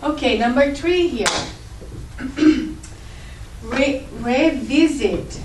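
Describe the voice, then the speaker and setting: A middle-aged woman with a high voice gives an informal talk at a group meeting. She is conversational and acts out examples as she explains. The mic sits far off in a reverberant room with faint background ambience. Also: drawn-out words, a little mellow, a little hiss or hum. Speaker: speaker at a spiritist group. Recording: roomy echo, distant mic.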